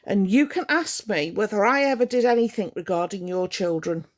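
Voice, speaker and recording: A woman's voice: medium pitch, lively intonation, moderate pace. A woman ranting on a live stream to her viewers, indignant and confrontational, hammering her points home by repeating them.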